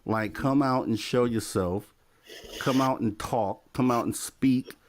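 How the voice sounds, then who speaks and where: A man's voice: mid-range voice, slow. Laid-back male talk show host. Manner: laid-back, repeats himself. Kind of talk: late-night call-in talk show.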